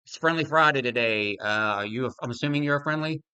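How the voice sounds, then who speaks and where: Older man hosting, bright easy voice. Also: a little high, fast talker, smooth, dry recording. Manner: easygoing, chuckling, loose with fillers. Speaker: podcast host taking callers. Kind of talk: casual live-stream chat.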